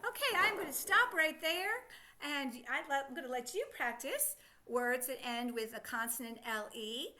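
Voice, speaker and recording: Woman, phonics teacher, encouraging, sounds words out, bright tone, very lively pitch. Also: moderate pace. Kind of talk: children's phonics lesson.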